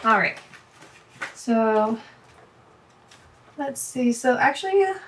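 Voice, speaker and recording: A young woman vlogging casually as she counts bills aloud, chatty and quick to correct herself. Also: on the high side, lively intonation, a bit bright. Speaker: budgeting vlogger. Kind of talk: casual talk while cash stuffing. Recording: voice from a distance, faint background noise.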